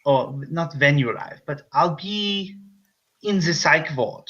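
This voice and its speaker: A man's voice: fairly low pitch, takes it slowly, bright, forceful tone, muffled recording, voice pushed down. A man voicing a scheming German doctor, slipping between French and German accents. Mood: polite. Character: scheming male German doctor, captive in psych ward.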